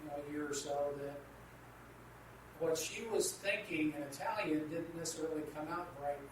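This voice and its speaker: Man with a high voice, distant and echoey. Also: moderate pace. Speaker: co-host teaching a Christian marriage class. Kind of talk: casual radio discussion. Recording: echoey room, distant from the mic, noisy.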